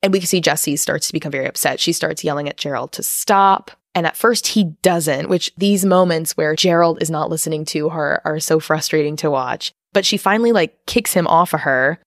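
A woman with a low voice recaps a film plot for her podcast, talking casually and filling her sentences with little asides. The sound is dry and close, with no room around her. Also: fairly quick, hardly any pauses, dry recording. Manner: chatty, profane, recaps with frequent fillers. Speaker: podcast co-host.

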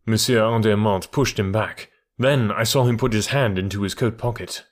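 A man narrating an audiobook classic in a steady, even storytelling manner. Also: lowish voice, moderate pace.

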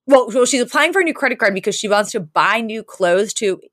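A woman's voice: a little high, expressive, a little fast, fairly bright tone, dry recording, clean studio sound. A young woman co-hosting a podcast in casual chat, retelling scenes with lots of laughs and fillers. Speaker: podcast co-host.

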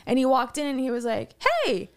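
Woman podcast host, smooth clear voice, animated rambling storyteller, casual chat. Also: high-pitched, fairly quick. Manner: animated, rambling anecdotes with restarts and laughs.

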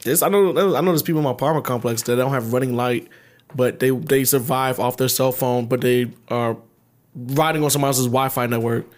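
A man's voice: mid-range voice, fairly even intonation, brisk. A man from the Baltimore area co-hosting a podcast in loose, profane casual chat, laughing often. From Baltimore area, USA. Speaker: podcast co-host.

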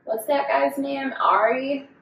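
A young woman co-hosting a podcast in casual chat, talking fast with lots of "like" fillers and mimicking voices in her stories. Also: sits high, vocal fry, a bit bright, distant mic. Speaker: podcast co-host. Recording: echoey room, a bit off-mic, faint background noise.

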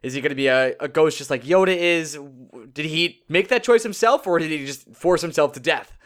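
A man co-hosting a casual podcast chat, excitable and animated as he tells stories. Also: on the high side, a little fast. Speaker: podcast co-host.

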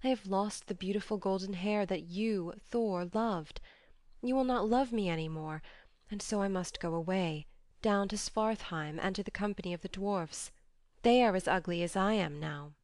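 A woman's voice: medium pitch, moderate pace, darkish tone, dry recording, lightly acted. Shamed young goddess, pleading and tearful, dry audiobook sound; a woman reader voicing her. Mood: ashamed, pleading. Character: grieving young goddess, ashamed and sobbing.

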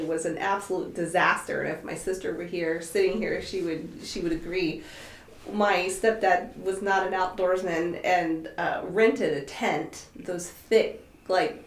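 A woman in her fifties, hosting a podcast, chatting casually with her husband and telling animated stories with frequent laughter. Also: fairly low pitch, a little hiss or hum. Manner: animated storyteller, laughs often. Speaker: podcast host. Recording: echoey room.

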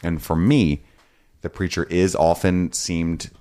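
A man with an extremely low, deep voice talks through a TV episode on a podcast. He is casual and unhurried, wandering through his thoughts with fillers and the odd swear word. It sounds like easygoing chat among friends. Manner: relaxed, rambling, with frequent fillers and casual swearing. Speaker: podcast co-host recapping episodes.

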